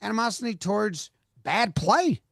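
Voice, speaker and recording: Podcast co-host, man, exasperated ranting delivery, a touch higher than most, dry close sound. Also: expressive, moderate pace, gravelly, fairly bright tone, no room sound. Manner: fired-up, exasperated, swears. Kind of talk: casual sports podcast chat.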